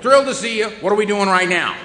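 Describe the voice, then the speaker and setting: A man voicing his eager female pet dog, thrilled and shouting with excitement, heard in an echoey hall. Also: sits high, quick pace, noisy background, pitched above the performer's own voice. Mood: overjoyed.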